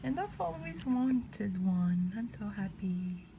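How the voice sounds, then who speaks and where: Slow, gushing young woman on a phone. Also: medium pitch, creaky. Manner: gushing and excitable, drops into whispers at times. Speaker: vlogger unboxing a collectible figure. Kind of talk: casual unboxing chat. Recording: noisy room ambience behind.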